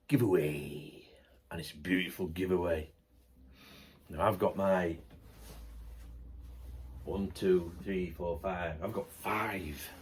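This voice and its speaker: A man's voice: fairly low pitch, husky. A middle-aged man, chatting casually to camera, ranting bluntly, then laughing it off with good humour. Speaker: vlogger.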